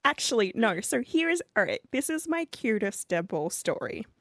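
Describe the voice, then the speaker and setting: A young woman co-hosting a podcast, telling stories in a chatty, animated way with lots of "like". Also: on the high side, moderate pace. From Australia. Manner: chatty, animated storyteller with fillers like "like". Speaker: podcast co-host. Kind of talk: casual chat.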